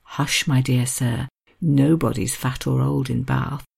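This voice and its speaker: A woman reading the lines of a fawning, pompous male master of ceremonies from a classic novel, with an effusive, flattering manner. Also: very deep voice, slow pace, gravelly, husky, pitched below the performer's own voice, full character voice. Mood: gushing.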